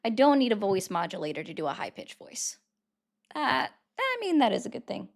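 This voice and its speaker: A woman's voice: mid-range voice, animated, quick pace, vocal fry, a little mellow. A woman hosting a live stream and taking callers, chatting in a self-deprecating, rambling way. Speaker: livestream host taking callers. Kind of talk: casual livestream chat.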